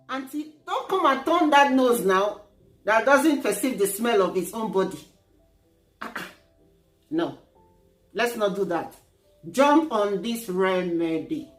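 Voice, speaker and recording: Teasing Nigerian woman vlogger, echoey room. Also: fairly high pitch. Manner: playful, teasing, preachy. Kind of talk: casual humorous vlog.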